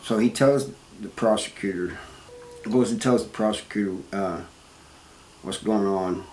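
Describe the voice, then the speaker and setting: Casting note: a man with a lowish voice, plain-spoken and halting, recorded in a roomy space with faint background noise. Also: a little mellow. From Missouri, US. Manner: plain-spoken, halting, with restarts and "you know". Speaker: former prisoner telling his story. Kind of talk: first-person storytelling.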